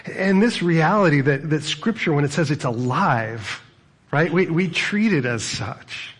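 A middle-aged man preaching as a pastor, talking in a conversational, animated way with frequent asides. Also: fairly high pitch, measured pace, breathy edge. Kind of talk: sermon.

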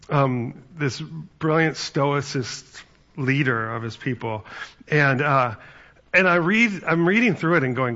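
A man's voice: mid-range voice, unhurried, a bit bright, muffled recording. A man giving a conversational sermon as pastor, telling stories and acting out quotes. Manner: conversational, storytelling with acted-out quotes.

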